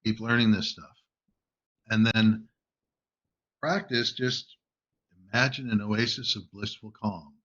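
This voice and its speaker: Host: man, bright forceful voice, emphatic coaching delivery, dull lo-fi recording. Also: on the low side, fairly even intonation, slow pace, pauses often. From United States. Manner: emphatic, keeps checking in with "right?". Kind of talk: casual coaching talk. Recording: dull lo-fi audio.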